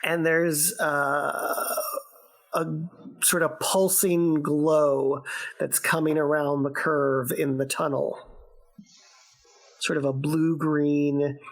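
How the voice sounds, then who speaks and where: A woman's voice: low-pitched, level tone, takes it slowly. A woman narrating as dungeon master of a tabletop game played over a remote call, describing scenes with many fillers and hesitations.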